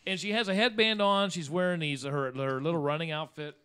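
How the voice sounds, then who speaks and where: A man's voice: on the high side, a little fast, a little hiss or hum. A man hosting a casual family podcast, telling stories and acting out what people said. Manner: animated storyteller, acts out quotes. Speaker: podcast host.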